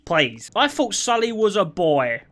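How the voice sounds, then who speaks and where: Animated, high-voiced young man. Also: unhurried. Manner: animated, laughing storyteller. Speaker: streamer. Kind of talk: casual chat.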